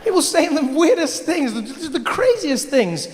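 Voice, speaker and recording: A man's voice: extremely high pitch, normal speed, few pauses. A South African man performing a stand-up comedy set, telling stories animatedly and acting out voices. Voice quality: animated storytelling, acts out voices. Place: stage in a large hall with live audience. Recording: live hall reverb with audience noise.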